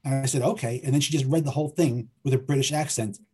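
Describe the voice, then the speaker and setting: Hesitant man with dark husky voice. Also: medium pitch, quick pace. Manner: hesitant, repeats words while thinking aloud. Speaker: filmmaker and writer guest. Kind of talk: conversational interview.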